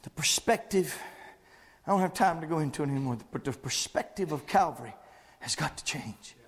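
A man preaching a sermon with rising passion, breaking into shouted lines punctuated by "uh" breaths. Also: a little high, animated, a little fast.

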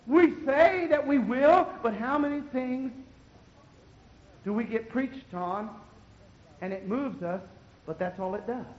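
A man preaching a fiery sermon as pastor, rising to shouted exhortation and dropping low again. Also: slow pace, long pauses, muffled recording.

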